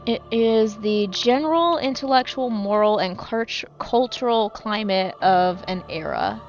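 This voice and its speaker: A woman's voice: medium pitch, expressive, a little slow, lo-fi sound, faint music behind. A woman streaming a game and chatting casually with her viewers, rambling, swearing freely and often correcting herself mid-sentence. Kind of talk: casual live-stream chat while gaming.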